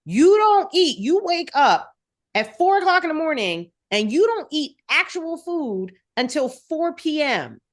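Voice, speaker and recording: A woman's voice: high voice, unhurried. A woman wellness coach talking frankly in a casual podcast chat, animatedly quoting the people she works with. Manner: frank and animated, quotes her clients.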